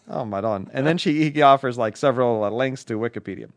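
A man's voice: mid-range voice, fast, hardly any pauses, dry recording, clean studio sound. A man co-hosting a casual podcast, reading listener emails aloud with a joking, laughing manner. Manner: playful, laughs often, slips into a fake British accent. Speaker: podcast co-host.

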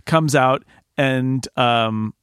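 This podcast co-host draws out his words in a smooth, mid-range voice with no room sound. He recaps a TV episode in a casual, animated way, acting out lines he quotes.

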